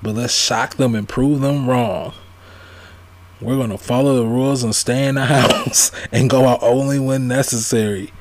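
A man's voice: medium pitch, fairly even intonation, moderate pace, slight background noise. A man giving a ranting commentary, emphatic and repetitive, firing off rhetorical questions. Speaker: vlogger.

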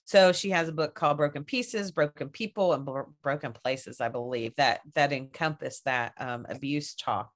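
Lady podcaster w/ a deep voice, chatty and candid, laughs a lot. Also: moderate pace, few pauses. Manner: candid, laughs often, swears casually. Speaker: podcast host. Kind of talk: casual chat.

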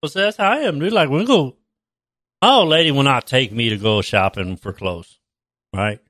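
A man's voice: mid-range voice, lively intonation, normal speed, a bit bright, dry recording. A man chatting casually on a stream, swearing a lot and laughing often. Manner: laughs often, crude and drawling. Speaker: stream co-host. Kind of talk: casual profane chat.

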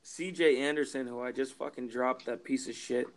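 A young man co-hosting a podcast in casual sports chat, rambling with halting restarts and casual swearing. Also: mid-range voice, fairly even intonation. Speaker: podcast co-host.

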